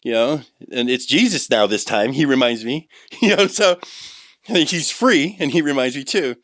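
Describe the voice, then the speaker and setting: A man in his forties telling his life testimony on a podcast, rambling with many restarts and turning animated when he quotes others. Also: mid-range voice, normal speed, dry recording, clean studio sound. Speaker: guest sharing a testimony.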